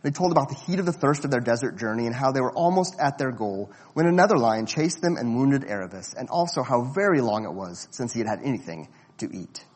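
Breathy male storyteller in reverb. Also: medium pitch. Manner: measured and expressive. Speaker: narrator. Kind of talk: storybook reading aloud.

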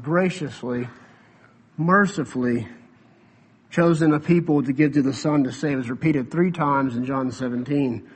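A man's voice: medium pitch, breathy edge. Man preaching a conversational sermon. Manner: conversational preaching with fillers, quick asides. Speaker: pastor.

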